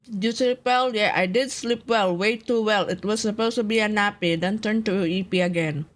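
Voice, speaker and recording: Eating as she talks, a laid-back young woman streamer in a casual live chat sounds low and groggy from just waking up, keeping a moderate pace. She laughs a lot and swears casually with viewers.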